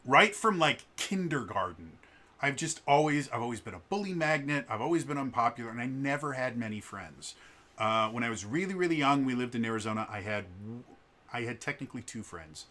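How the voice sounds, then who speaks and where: A man's voice: medium pitch, pushed and bright. A man in his thirties telling a personal story in a casual, hesitant way, with frequent stammers and restarts. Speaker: vlogger.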